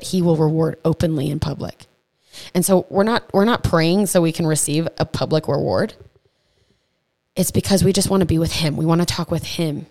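A woman hosting a faith podcast, teaching in a chatty, earnest way, with stumbles and quick asides. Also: low-pitched, darkish tone. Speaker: podcast host. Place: home podcast setup.

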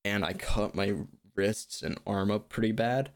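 In clean studio sound with no echo, a young man with a lowish voice speaks a little slowly. He casually tells rambling, self-mocking comic stories and laughs at his own jokes.

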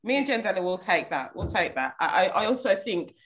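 Relaxed woman with a Birmingham accent. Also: medium pitch, a little fast. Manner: relaxed and easygoing. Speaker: podcast guest. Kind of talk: casual chat.

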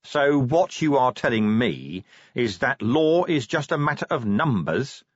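A man voicing a blunt, stubborn male city watch commander in an audiobook, talking forcefully. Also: mid-range voice, sing-song, measured pace, husky, no room sound, highs cut off, pitched above the performer's own voice. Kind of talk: audiobook character voice.

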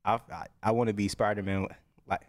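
A young man co-hosting a podcast, talking in relaxed, profane slang. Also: fairly low pitch, fairly quick. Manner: profane, laid-back slang. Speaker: podcast co-host. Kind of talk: casual chat.

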